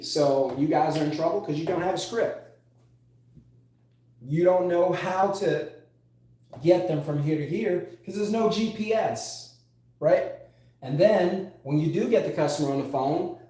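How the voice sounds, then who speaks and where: A man's voice: sits high, warm tone. A man teaching sales as a coach, emphatic, repeating key phrases and drawing out words for stress. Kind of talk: motivational sales lesson. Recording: echoey room.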